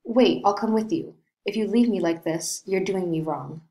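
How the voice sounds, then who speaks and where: A woman's voice: medium pitch, normal speed, mellow, natural voice. A woman reading the part of an earnest young man who coaxes and questions his cousin. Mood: coaxing. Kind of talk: reading a play aloud.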